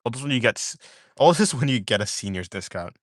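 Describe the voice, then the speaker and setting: A man's voice: medium pitch, lively intonation, fast, no echo, clean studio sound. A young man chatting casually on a live art stream while he draws, rambling and drowsy, often trailing off into mumbles.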